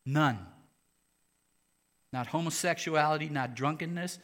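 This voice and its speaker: A man preaching a sermon, moving between hushed, slow passages and loud, emphatic ones. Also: on the high side. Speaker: pastor.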